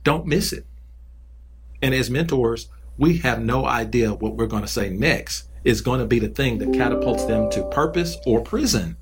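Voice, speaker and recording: A man's voice: mid-range voice, moderate pace, few pauses, over loud music. A man who mentors kids, talking in a casual podcast conversation and telling earnest stories with repeated phrases for emphasis.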